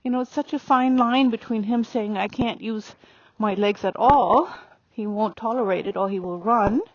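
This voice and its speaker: A woman riding a horse and calmly explaining her training as she goes, pausing to speak softly to the horse. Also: fairly high pitch, no echo. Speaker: riding instructor. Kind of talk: narrating while riding. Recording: dry, dull lo-fi sound.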